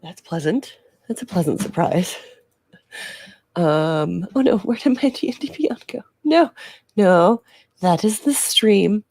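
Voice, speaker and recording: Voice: mid-range voice, expressive, takes it slowly, darkish tone, no echo, clean studio sound. A player in a tabletop game, describing actions in a rambling, hesitant way full of fillers.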